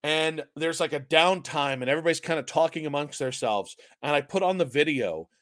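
Here a fairly high-voiced man talks a little fast in a fairly bright tone while co-hosting a sports podcast, rambling and poking fun at himself until he giggles. There's no echo; the recording is dry and close-miked.

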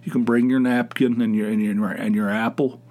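A man's voice: mid-range voice, moderate pace. Rambling man ranting on his podcast. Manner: rambling, animated, mocking put-on voices. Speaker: podcast host. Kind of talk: casual solo podcast rant.

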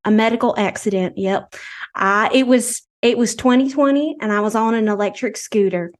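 A woman's voice: on the high side, moderate pace, close to an everyday voice. A woman voicing an eccentric female researcher who founded a bogus institute, telling her story in a rambling, mock-earnest way. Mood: self-assured. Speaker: podcast guest. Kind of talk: improvised comedy character.

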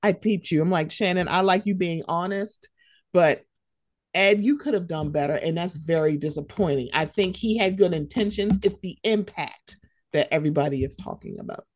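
A woman co-hosting a podcast, ranting in heated casual commentary, animated and profane. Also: on the low side, moderate pace, dry recording, clean studio sound.

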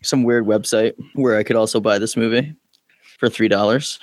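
A male podcast co-host, excitable and quick to laugh, filling his talk with casual slang. The close mic leaves his mid-pitched voice dry. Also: dry recording. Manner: excitable, laughs often, says like and dude.

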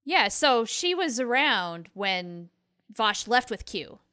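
A woman's voice: on the high side, sing-song, slow, sharp tone, clear, resonant tone, dry recording, studio quality. A woman co-hosting a podcast, chatting casually and agreeing enthusiastically. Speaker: podcast co-host. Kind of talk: casual fan chat.

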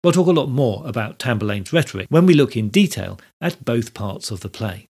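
A man hosting a history podcast, giving a measured, scripted talk that explains things step by step. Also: medium pitch, big pitch swings, darkish tone, slightly rough. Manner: measured, explanatory, reads quotes aloud. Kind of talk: scripted educational narration.

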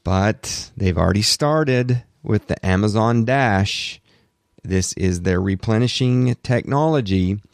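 A man hosting a solo tech podcast, talking in an excitable, rambling way and correcting himself, bothered by allergies. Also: on the low side, slow, gravelly, no room sound, clean studio sound. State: allergies, throat clearing. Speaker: podcast host.

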